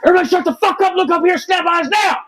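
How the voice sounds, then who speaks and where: A man voicing a gruff male Marine platoon sergeant, a former drill instructor, barking shouted orders in a high, strained voice. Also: very fast. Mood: yelling.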